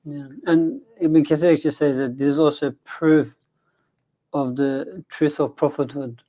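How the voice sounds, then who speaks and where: Male Quran teacher, fairly high voice, chatty, explains step by step. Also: steady tone, unhurried, mellow, low-quality recording. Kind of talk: scholarly study discussion.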